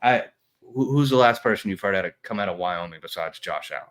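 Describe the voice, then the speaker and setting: A man's voice: low-pitched, lively intonation, fast, a bit bright. A man, co-hosting a casual sports podcast, blunt and trash-talking with lots of fillers. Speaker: podcast co-host.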